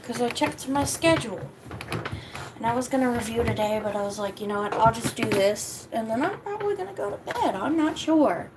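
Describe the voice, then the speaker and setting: A woman hosting a casual livestream, tired and lethargic, swearing offhandedly, and switching to high sing-song baby talk when she talks to her cat. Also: expressive, a little fast, noisy background. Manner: low-energy, sluggish, swearing casually. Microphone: camera mic.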